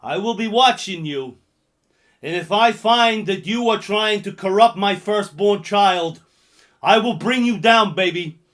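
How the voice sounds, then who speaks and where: A man doing a loud menacing father. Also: sits high, a little slow, voice pushed up. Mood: threatening. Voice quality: loud, declaiming.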